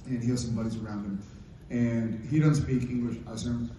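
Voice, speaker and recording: A man on a convention panel, telling an animated story with playful asides. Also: mid-range voice, fairly quick, slight background noise. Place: large convention hall. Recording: dull echoey hall sound from a distance.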